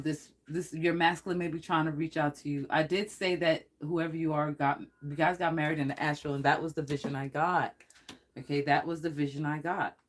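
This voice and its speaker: A psychic tarot reader giving a casual livestream reading, rambling and excitable, often laughing and swearing. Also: mid-range voice.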